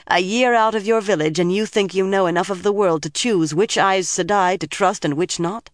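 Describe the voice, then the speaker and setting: A woman's voice: medium pitch, normal speed, no room sound, pitched above the performer's own voice, lightly acted. A narrator voicing a stern, commanding older woman leader with a hard, dry manner, in a dry studio audiobook reading. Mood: scornful.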